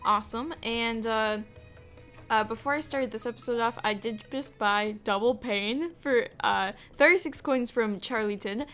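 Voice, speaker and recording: A woman's voice: a little high, a little slow, fairly bright tone, soft background music. A young woman hosting a let's play, chatting casually with many fillers. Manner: chatty, casual, hesitant with fillers and little laughs. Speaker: gaming channel host.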